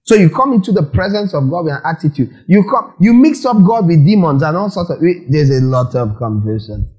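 A man's voice: on the high side, a little fast, highs cut off. Preaching man. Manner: lively preaching with questions and acted-out quotes. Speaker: pastor. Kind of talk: sermon.

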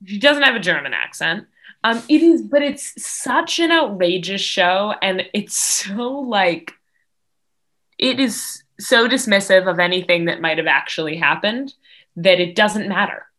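A woman's voice: mid-range voice, lively intonation, a little slow, fairly bright tone. A young woman as a podcast guest, chatting casually and enthusiastically with many fillers. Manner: enthusiastic, laughing, filler-heavy. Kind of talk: casual chat.

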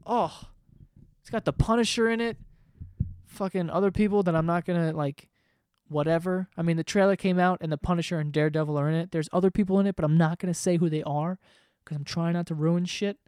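A man's voice: sits high, a little fast, darkish tone, clear, resonant tone, dry recording, studio quality. A man in his twenties ranting casually to camera at home, profane and rambling. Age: 20s. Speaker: vlogger. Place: home room below living room.

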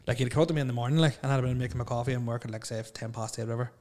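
A man's voice: medium pitch, fairly even intonation, racing, darkish tone. A young man in casual chat, rambling through stories, laughing often and swearing freely.

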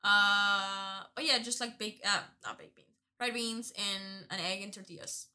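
A woman with a bright, crisp voice chats easily in a relaxed conversation. Her pitch is average for a woman. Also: unhurried. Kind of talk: casual chat.

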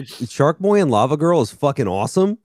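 A man co-hosting a podcast, telling wry stories with plenty of swearing. His pitch swings widely as he talks. The sound is dry and close, with no room around it. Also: very animated, a little fast, darkish tone, no room sound. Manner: wry, profane storytelling. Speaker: podcast co-host. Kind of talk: casual chat.

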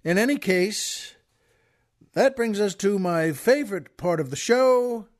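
A man's voice: sits high, animated, measured pace. A man hosting a talk show, telling stories in a casual, rambling way with frequent restarts and repeated words. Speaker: show host.

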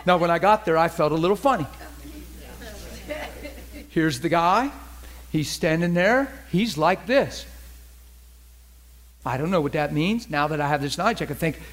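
A man's voice: a little high, expressive, normal speed, pauses often. A middle-aged man preaching to a church meeting, telling a story in a conversational, emphatic, folksy way. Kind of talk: sermon with storytelling.

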